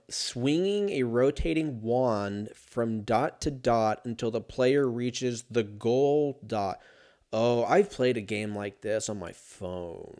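A man's voice: medium pitch, darkish tone. Rambling, foul-mouthed podcast guy. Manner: profane, rambling, self-mocking. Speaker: podcast host. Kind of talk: casual solo podcast chat.

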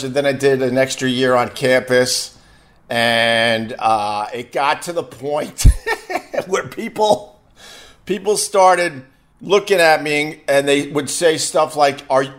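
A man's voice: fairly high pitch, fairly bright tone. A middle-aged man from Long Island with a Long Island accent, a radio host telling stories in a rambling, self-deprecating, chatty way. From Long Island, New York. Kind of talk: casual on-air storytelling.

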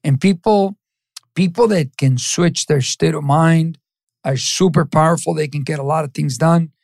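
A middle-aged man from East Los Angeles, a podcast guest giving an animated motivational talk, acting out the voices in his stories and dropping in Spanish phrases. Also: a little high, moderate pace, vocal fry, dry recording, studio quality.

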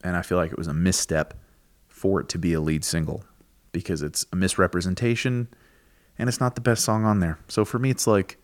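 Deep-voiced guy cohosting a podcast, dry close sound, laid back and joking. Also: brisk, no room sound. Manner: relaxed, jokey banter. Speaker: podcast co-host. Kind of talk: casual chat.

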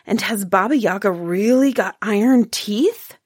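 A woman's voice: medium pitch, unhurried, darkish tone, slightly rough, no echo, clean studio sound. A woman voicing an eager little boy who keeps begging his grandfather for stories. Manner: pleading, eager questions.

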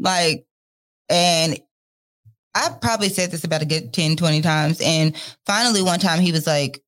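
A woman's voice: deep voice, moderate pace, fairly bright tone. A young adult woman on a podcast, telling her own story candidly with lots of fillers and laughter. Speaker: podcast guest. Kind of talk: casual chat.

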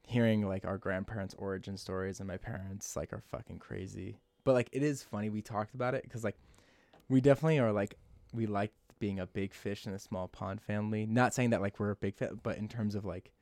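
Young male co-host, lowish voice, chatty and casual, dry mic. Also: fairly even intonation, a little fast, creaky, a little mellow, no room sound. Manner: chatty, laughs often, swears. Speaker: podcast co-host. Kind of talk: casual podcast chat.

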